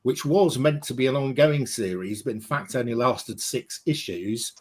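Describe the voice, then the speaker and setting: A man's voice: mid-range voice, moderate pace, darkish tone, slightly rough. A man co-hosting a casual talk show, presenting comics with a hesitant, um-filled delivery. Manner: hesitant, many ums, reads from a database. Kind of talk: casual chat.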